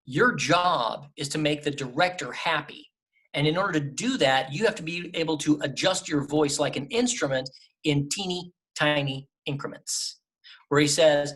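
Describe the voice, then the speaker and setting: Emphatic middle-aged man on a travel mic. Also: fairly high pitch. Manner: emphatic, lively advice-giving. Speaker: voice actor guest. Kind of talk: casual interview talk. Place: temporary remote setup away from home. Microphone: travel microphone.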